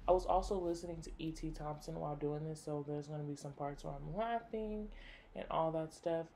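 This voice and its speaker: With a low-pitched, mellow voice and vocal fry, a young woman chats enthusiastically straight to her viewers during a makeup tutorial she hosts. She says "like" a lot and swears now and then, and there's slight background noise.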